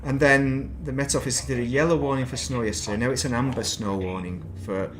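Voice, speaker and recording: A man's voice: mid-range voice, steady tone, brisk, crowd noise. A man chatting casually while playing a game on stream, rambling between topics with self-deprecating asides at his desk mic. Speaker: gaming streamer.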